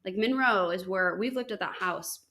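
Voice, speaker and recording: A woman's voice: medium pitch, normal speed, pushed and bright. A young woman tells a story on her podcast in loose, casual chat. She leans on "like" constantly and acts out what other people said. Her voice sits in the middle range. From United States. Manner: chatty, full of "like", acts out quoted dialogue. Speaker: podcast host.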